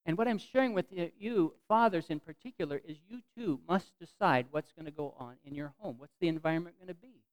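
A man's voice: fairly high pitch, a little fast, hardly any pauses, low-quality recording. A middle-aged man preaching a sermon in church, earnest, reading scripture aloud with a voice that swells and drops. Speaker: pastor.

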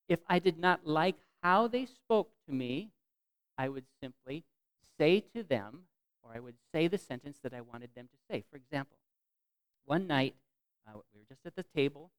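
A man's voice: on the high side, clear, resonant tone, no echo, rough recording. A middle-aged man preaching a sermon in church, earnest, reading scripture aloud with a voice that swells and drops. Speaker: pastor.

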